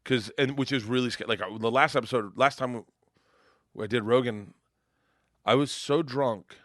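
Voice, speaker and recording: A middle-aged male comedian telling wild road stories in casual chat, profane and rowdy, loudly acting out the people in them. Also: mid-range voice, normal speed, dry recording, studio quality. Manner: profane, rowdy storyteller who acts out voices loudly. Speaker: comedian guest.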